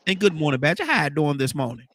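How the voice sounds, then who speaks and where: A man's voice: on the high side, expressive, fast, fairly bright tone. A man hosting a casual morning talk show, rambling and repeating his words. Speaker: host.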